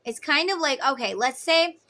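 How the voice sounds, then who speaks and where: A woman's voice: high voice, expressive, normal speed, sharp tone. Emphatic, chatty woman tarot reader. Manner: emphatic, chatty, acts out voices in quotes. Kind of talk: casual tarot reading monologue.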